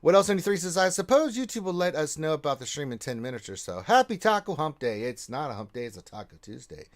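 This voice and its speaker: A man hosting a casual gaming livestream, reading out chat messages and giving loud shout-outs to viewers. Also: a little high, very animated, quick pace.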